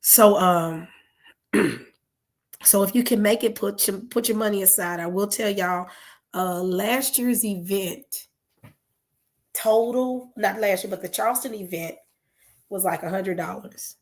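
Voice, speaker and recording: A hoarse woman, talking casually to her viewers, rambling with fillers and correcting herself as she goes. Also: medium pitch, unhurried, long pauses. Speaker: channel host.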